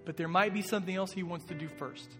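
High-voiced man preaching in a reverberant hall. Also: steady tone, quick pace. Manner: earnest, conversational preaching with rising emphasis. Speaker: pastor. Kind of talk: sermon. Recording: long reverb with soft guitar behind.

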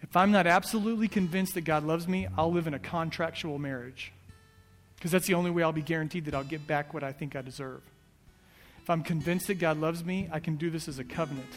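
A man's voice: on the high side, brisk. Earnest preaching man in a reverberant hall. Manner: earnest, repetitive, builds to soft prayer. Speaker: pastor. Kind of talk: sermon. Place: church hall. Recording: echoey church hall. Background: soft guitar.

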